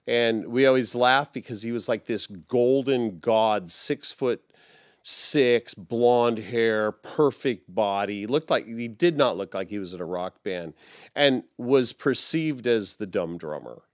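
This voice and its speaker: A man's voice: medium pitch, slow pace, no echo, studio quality. A man in his sixties, a guest musician, telling stories in a casual interview, rambling and anecdotal with many fillers.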